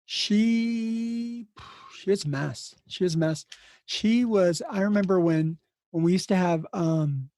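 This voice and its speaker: A man's voice: high-pitched, slow pace, a little mellow, no echo. A middle-aged man, an emergency nurse, telling blunt, rambling stories in a casual interview and acting out the people in them. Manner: rambling anecdotes acted out with quoted dialogue, blunt. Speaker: emergency nurse and podcast host, here the guest.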